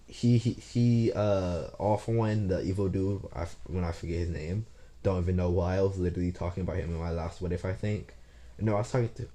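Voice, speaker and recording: A man's voice: low voice, mellow. A man rambling through an unscripted fan story, stammering, restarting and cursing casually.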